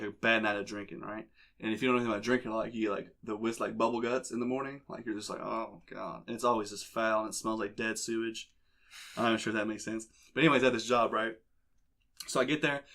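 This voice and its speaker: A man's voice: on the low side, sharp tone. A young man hosting a podcast, telling a crude, rambling story in casual chat. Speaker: podcast host. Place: basement.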